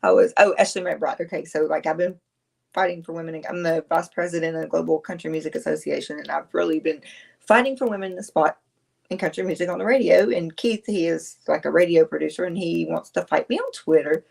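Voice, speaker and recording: A woman's voice: on the low side, fast talker, creaky, darkish tone. A woman, chatting casually on a livestream, rambling, answering viewers and laughing often. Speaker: livestream host.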